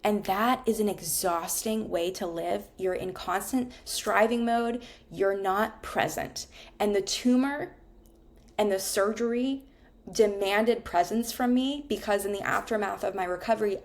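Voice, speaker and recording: A woman talks through her own story, frank and unguarded and at ease with a curse word. Her voice sits mid-range with a gravelly fry at the ends of phrases. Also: medium pitch, moderate pace. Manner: frank and conversational, swears casually. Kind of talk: candid personal storytelling.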